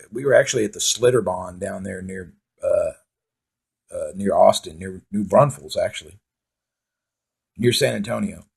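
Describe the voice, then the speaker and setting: A man's voice: fairly low pitch, gravelly, breathy edge. A man telling profane, rambling comic stories in a casual monologue. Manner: profane, rambling, laid-back storytelling with laughs.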